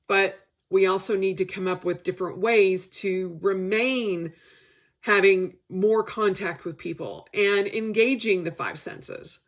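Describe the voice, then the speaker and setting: Slow, chatty woman vlogger rambling. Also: mid-range voice. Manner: chatty, rambling with tangents and asides. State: recovering from a stomach bug. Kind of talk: casual personal vlog.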